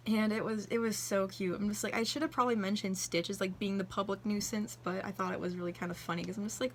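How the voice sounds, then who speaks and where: A woman's voice: medium pitch, steady tone, quick pace, few pauses, a little hiss or hum. Gushing, chatty young woman vlogger. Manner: gushing, chatty, acts out quoted dialogue. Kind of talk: casual chat flipping through a journal.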